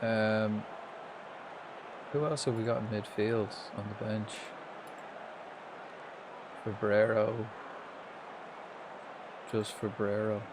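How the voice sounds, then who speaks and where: A man's voice: lowish voice, slow, long pauses, noisy background. An Irish man commentating live on a football management game, swearing freely and chatting with viewers. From Ireland. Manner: swearing, excitable, chatting with chat. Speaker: streamer.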